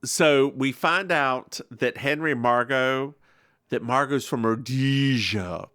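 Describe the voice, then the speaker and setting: A man's voice: mid-range voice, slow, clean tone, no room sound, clean studio sound. A man co-hosting a podcast in a casual chat, retelling an episode with lots of laughs and acted-out quotes. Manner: giggly, animated storyteller, acts out quotes. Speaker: podcast co-host recapping an episode.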